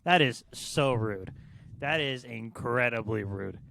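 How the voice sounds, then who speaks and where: A man's voice: mid-range voice, slow pace, creaky, fairly bright tone, slight background noise. A young man co-hosting a casual podcast, offering crude, opinionated banter. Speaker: podcast co-host. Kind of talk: casual chat.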